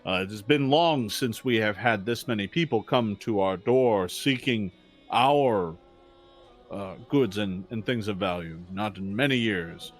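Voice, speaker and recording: A man's voice: on the low side, a little slow, voice pushed down. A man voicing a formal, uneasy male orc gate guard with stiff, old-fashioned speech.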